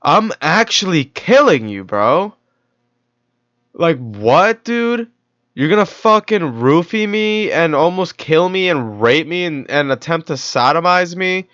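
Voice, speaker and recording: A man's voice: on the high side, expressive, slow, a bit bright. A young man reacting to a video in casual commentary, heated and profane, full of slang. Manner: heated, profane, slangy, keeps saying dude and bro. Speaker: streamer reacting to a true-crime video. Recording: dull lo-fi audio.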